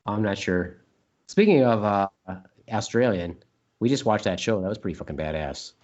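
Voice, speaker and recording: A man's voice: fairly low pitch, expressive, normal speed, darkish tone, highs cut off. A man co-hosting a casual podcast chat, rambling and joking, now and then repeating silly words in put-on voices. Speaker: podcast co-host.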